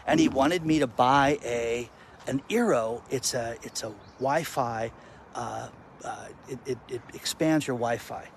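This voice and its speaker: A male content creator telling stories to camera outdoors in the wind, animated and exasperated. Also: medium pitch, unhurried. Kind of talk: casual vlog rant.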